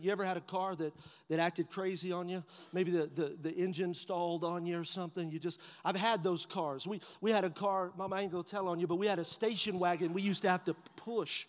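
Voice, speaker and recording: A man preaching a sermon and telling a humorous story, animated and lively, dropping to hushed tones for his inner thoughts. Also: sits high. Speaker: pastor. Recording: long reverb of a large hall.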